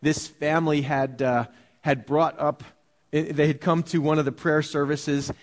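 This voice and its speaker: A man preaching a sermon, teaching verse by verse in a conversational way, asking rhetorical questions and slowing down to read scripture aloud. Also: a little high, little pitch movement. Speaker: pastor.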